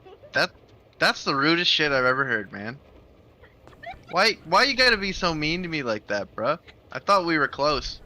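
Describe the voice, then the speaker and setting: A man's voice: on the high side, big pitch swings, moderate pace, pauses often, sharp tone. A man from Canada chatting with gaming friends, playful and mock-offended. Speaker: gamer friend in voice chat. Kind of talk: casual chat.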